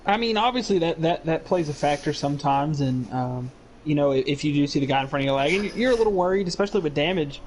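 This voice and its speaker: A male co-commentator with a fairly high voice, adding dry jokes to live racing commentary. A faint hiss sits behind his voice. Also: expressive, fast talker.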